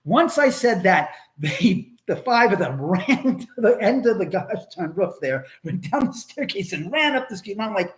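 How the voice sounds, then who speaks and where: Male live-stream host, raised and very expressive pitch, rambling and profane. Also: moderate pace. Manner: animated, profane, reads viewer comments aloud.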